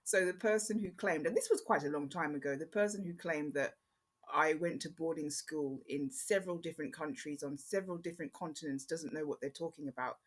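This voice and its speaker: A woman's voice: low-pitched, husky. Chatty Jamaican-born woman with an English accent. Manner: chatty, rambling, frequent "um" pauses. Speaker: podcast host. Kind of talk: casual solo podcast chat.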